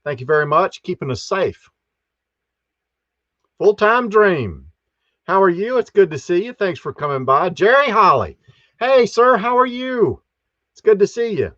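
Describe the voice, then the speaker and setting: A man hosts a live stream, greeting each viewer in a folksy way. His voice sits a little high. The sound is dry and slightly dull, like a lo-fi home setup. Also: sing-song, a little slow, long pauses, fairly bright tone, no room sound. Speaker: host.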